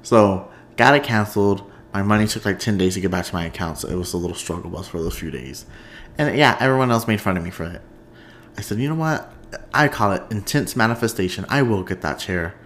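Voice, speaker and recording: A man hosting a casual solo podcast, telling stories in a chatty, animated way and laughing often. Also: lowish voice, fairly quick, slight background noise. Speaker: podcast host.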